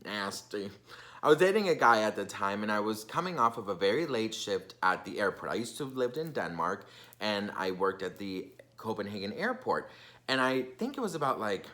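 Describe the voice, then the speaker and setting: A young man telling a casual storytime on his vlog. He talks in a chatty, gossipy way, full of fillers. His voice has a bright, forceful edge. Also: fairly low pitch, very animated, normal speed. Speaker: vlogger.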